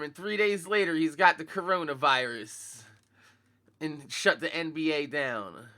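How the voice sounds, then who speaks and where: Bright-voiced young man, casual and profane. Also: a little high, unhurried. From Philadelphia, USA. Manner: laid-back, profane street slang, chatty. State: groggy morning voice. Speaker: sneaker vlogger. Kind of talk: casual chat to live viewers.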